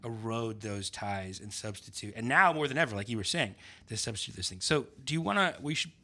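Casting: man, bright forceful tone, hesitant and full of fillers, relaxed chat. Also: lowish voice. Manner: halting, many fillers and restarts. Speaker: podcast guest, essayist. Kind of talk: casual conversation.

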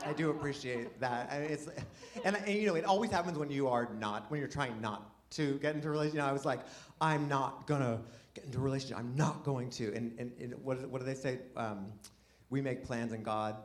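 A man doing a stand-up set, rambling and self-deprecating, swinging from mumbled asides to shouted bursts, with audience laughter behind him. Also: medium pitch, a little fast. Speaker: stand-up comedian. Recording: live club mic with audience noise.

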